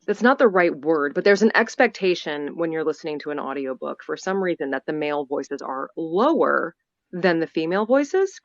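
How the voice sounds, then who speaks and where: A woman's voice: deep voice, sing-song, moderate pace, dry recording. Female voice actor, chatty remote interview, dull audio.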